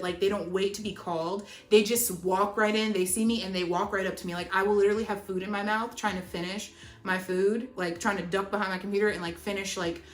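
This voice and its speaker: A young woman telling a storytime vlog, animated and chatty, with lots of "like". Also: mid-range voice. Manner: animated, chatty, heavy use of "like". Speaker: vlogger. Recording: roomy echo, faint music. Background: faint background music.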